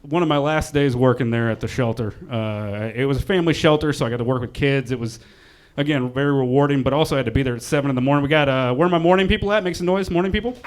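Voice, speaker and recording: A young man doing a stand-up comedy set on a club stage. He is lively and self-deprecating and acts out the people in his stories. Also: mid-range voice, quick pace.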